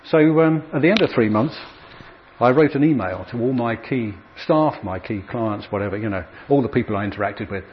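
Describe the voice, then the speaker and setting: A man's voice: mid-range voice, brisk, highs cut off, a little hiss or hum. Middle-aged Englishman telling anecdotes. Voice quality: chatty, self-deprecating humour with frequent fillers. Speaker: speaker. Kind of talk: anecdotal talk to an audience.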